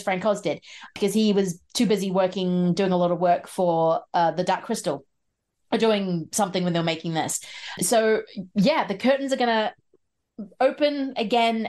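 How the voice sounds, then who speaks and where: A woman's voice: mid-range voice, a little fast, a little mellow. A woman hosts a casual podcast chat from a video call. She talks freely and often breaks into laughter. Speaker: podcast host.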